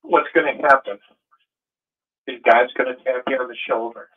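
A man speaks earnestly over a tinny phone line, his voice pitched in an ordinary middle range. He tells his story with animated feeling and builds to fervent appeals. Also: moderate pace. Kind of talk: casual chat.

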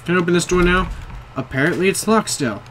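A man's voice: sits high, lively intonation, fast, a bit bright, slight background noise. A young man playing a horror game, jumpy, swearing often and talking to himself. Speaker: gamer.

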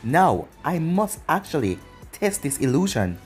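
Casting: a blunt, cocky young ninja hero with a lively voice, read by a man. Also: fairly high pitch, a little slow, faint music behind. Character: confident young male ninja with a reckless streak.

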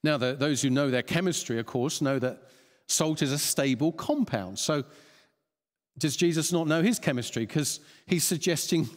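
A man's voice: fairly high pitch, normal speed. A man preaching a sermon, chuckling often and restarting phrases as he thinks aloud. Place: church hall. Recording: long church reverb.

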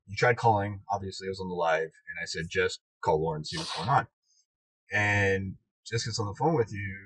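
Man, podcast host, husky, animated, swearing, casual chat, dry truck cab. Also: low voice, no echo, low-quality recording. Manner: animated storyteller, laughs a lot, swears freely. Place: inside a truck.

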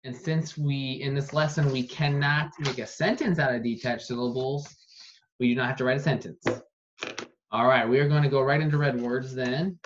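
A man teaching an online phonics lesson, saying each word slowly and repeating it for dictation. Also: medium pitch, fairly even intonation, background noise. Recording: dull lo-fi recording.

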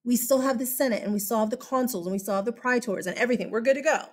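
A woman's voice: a little high, very fast. A woman, giving a chatty classroom history lecture and often checking in with "okay?". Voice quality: slight lisp. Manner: chatty, animated, keeps checking in with 'okay?'. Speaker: history teacher.

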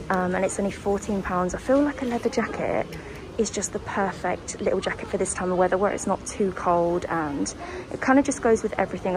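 A woman's voice: mid-range voice, noisy background. A young woman with a muffled voice from her face mask, gushing her way through a large clothing shop as a shopping vlogger. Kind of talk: chatty shopping vlog.

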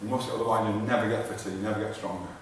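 A very fast-talking man with a lowish voice and fairly even intonation is heard over a little hiss or hum. He's a fitness trainer speaking casually to a live audience while exercising, breathing hard, repeating himself and beginning sentences again. The audio, taken from far off, echoes through a large hall.

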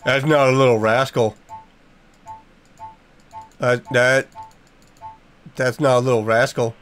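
A man's voice: mid-range voice, normal speed, pauses often, faint music behind. A man giving let's play commentary, jumpy and reactive, talking to the game's characters and using mild minced oaths. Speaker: gaming YouTuber.

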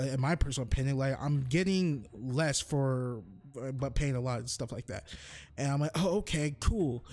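A man streaming a video game live, chatting casually and ranting, his voice jumping high when exasperated. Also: darkish tone.

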